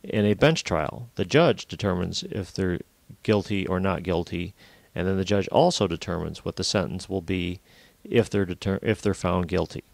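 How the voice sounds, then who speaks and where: A man lecturing a university course, explaining step by step in a plain, steady way with frequent fillers. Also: deep voice, moderate pace, creaky, no echo.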